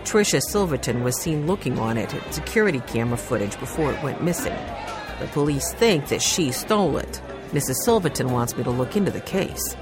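A woman voicing a serious older male detective in an audiobook, speaking low, measured and grave. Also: expressive, music in the background.

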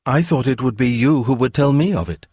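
A man voicing a serene, wise young woman from another world in a read-aloud story, speaking calmly and earnestly. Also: medium pitch, brisk, breathy edge, no room sound, clean studio sound, pitched above the performer's own voice, lightly acted.

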